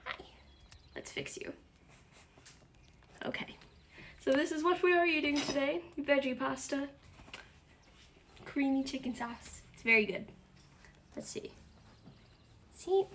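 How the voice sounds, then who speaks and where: Bubbly young woman, slightly high voice. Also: expressive, a little slow, pauses often, fairly bright tone, slight background noise. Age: 20s. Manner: chatty and giggly, laughs often. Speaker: streamer hosting a dinner stream. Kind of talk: casual livestream chat. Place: at home.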